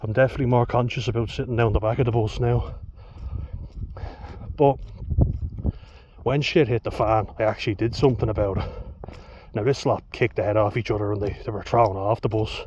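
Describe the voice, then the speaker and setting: A man's voice: lowish voice, fairly even intonation, a little fast, a little mellow. A young Irish man telling a story in a casual, blunt way, swearing freely and laughing between lines. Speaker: vlogger. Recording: dull lo-fi with faint hiss.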